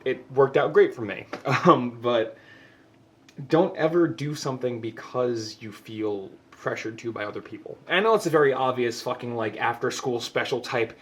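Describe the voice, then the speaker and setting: A man's voice: medium pitch, expressive, normal speed. Impassioned young man, swearing freely. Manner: impassioned and emotional, swears freely, stumbles over repeated words. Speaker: vlogger. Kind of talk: heartfelt personal monologue.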